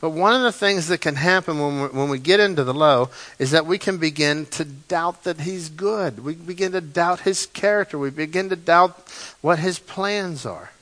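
A man preaching a sermon as pastor, animated, often repeating his words and acting out the lines of the story. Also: fairly high pitch.

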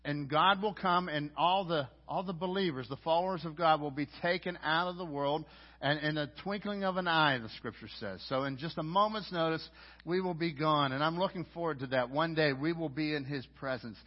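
A middle-aged man preaching a sermon as a pastor, swinging between loud emphatic lines and quiet low asides. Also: fairly quick. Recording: dull lo-fi audio.

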